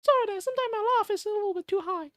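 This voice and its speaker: A squeaky, ultra-high cartoon mouse voice, chirpy and cheerful in a cartoon style. The tone sounds thin and unlike his usual timbre. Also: rapid-fire, a bit bright, no echo, clean studio sound. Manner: falsetto impression, chirpy greeting tone.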